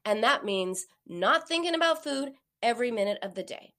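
A woman's voice: fairly high pitch, lively intonation, normal speed, fairly bright tone. A woman giving a coaching talk to an audience, acting out the quoted voices. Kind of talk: motivational talk on binge eating.

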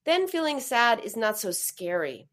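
A woman's voice: on the high side, big pitch swings, measured pace. Reassuring woman host giving advice. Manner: warm, reassuring, acts out comforting quotes. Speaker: host and therapist. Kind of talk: live-streamed advice conversation.

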